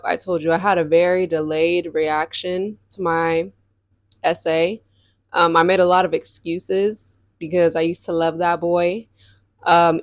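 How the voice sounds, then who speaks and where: A young woman hosting a podcast tells a personal story in a casual, emphatic way, peppered with "like" and "um". Her voice is on the low side, and the studio-quality recording has no echo.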